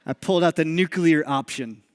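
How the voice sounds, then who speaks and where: A male pastor giving a sermon as an animated storyteller who acts out dialogue, speaking on a stage mic in a church sanctuary with long hall reverb. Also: on the high side, brisk, smooth.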